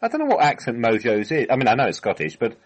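A man's voice: mid-range voice, fast talker, poor audio. A British man as a guest in a casual chat, telling stories in a meandering way. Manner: lively, meandering storyteller.

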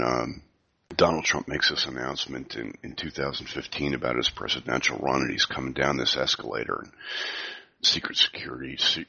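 A man in his fifties with a cold, talking softly and rambling with many fillers in a casual podcast chat over a video call. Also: very deep voice, highs cut off. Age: 50s. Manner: speaking softly, half whispering. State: has a cold. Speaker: podcast co-host.

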